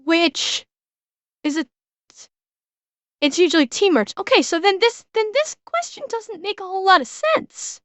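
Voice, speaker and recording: A woman's voice: very high voice, big pitch swings, unhurried, pauses often, fairly bright tone, no room sound. A woman streamer reacting to a video, ranting bluntly with heavy swearing.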